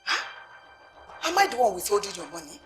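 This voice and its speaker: A Nigerian actress playing a haughty, scheming queen who swings between coaxing and shouting, in a film drama. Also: mid-range voice, sing-song, brisk. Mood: angry commanding. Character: scheming haughty queen, middle-aged woman. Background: film score music.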